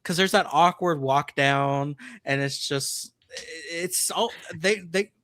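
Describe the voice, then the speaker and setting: A man co-hosting a podcast, rambling through a story with halting restarts. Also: on the high side, fairly bright tone, dry recording, clean studio sound. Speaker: podcast co-host. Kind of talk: casual podcast chat.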